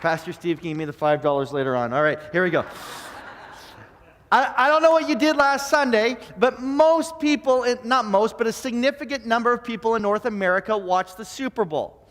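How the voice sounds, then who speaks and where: Brief: male pastor with a very high voice, animated storyteller, church hall reverb. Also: fairly quick. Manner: animated storyteller who stammers and repeats words. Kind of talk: sermon. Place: church sanctuary.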